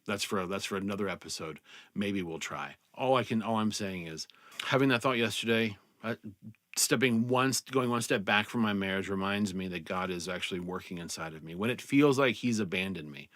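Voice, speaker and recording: Earnest, tearful man talking faith, low voice. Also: dry recording, studio quality. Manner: earnest, halting, restarts and trails off softly. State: tearful, choked up. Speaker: vlogger and speaker. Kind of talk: reflective personal talk to camera.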